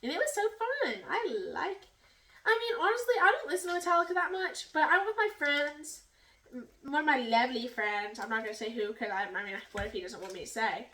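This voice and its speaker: Young woman, high voice, chatty and giggly, filming in her kitchen from a distance. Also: animated, brisk, sharp tone, roomy sound. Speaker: vlogger. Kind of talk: casual storytelling while cooking. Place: home kitchen.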